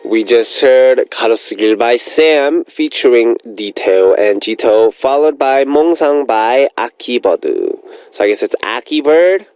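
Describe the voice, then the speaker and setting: Male radio DJ, mid-pitched, chatty and upbeat, rambles between listener messages, dry booth sound. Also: animated, unhurried, darkish tone, smooth, no echo, low-quality recording. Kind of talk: radio show chat reading listener messages.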